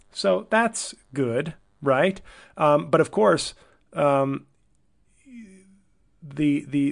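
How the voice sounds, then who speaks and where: Man, comedian podcast host, solo monologue, rambling, sardonic, self-deprecating, mid-pitched voice. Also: creaky.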